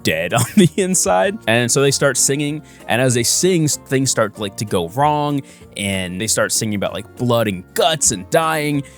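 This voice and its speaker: A man talks through his comic project in a casual, animated vlog. His pitch rises and falls a lot, and he leans heavily on filler words. Faint music plays underneath. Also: moderate pace. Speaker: comic artist vlogger.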